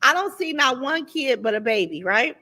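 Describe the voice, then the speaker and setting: A woman's voice: high voice, expressive, moderate pace, sharp tone. A middle-aged woman hosting a casual livestream, talking bluntly and reading out viewer comments as she goes. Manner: blunt, chatty, reads viewer comments aloud. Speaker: livestream host.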